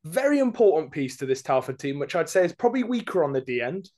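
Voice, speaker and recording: A man talks casually on a sports podcast, thinking aloud with frequent ums. His voice sits a little higher than most men's. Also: big pitch swings, fast, warm tone. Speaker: podcast co-host.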